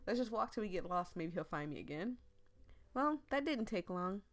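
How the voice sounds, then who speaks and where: A woman's voice: mid-range voice, big pitch swings, moderate pace. A young woman from the United States chatting casually while playing a story game, rambling, laughing often and losing her voice. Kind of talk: casual chat while reading game text aloud.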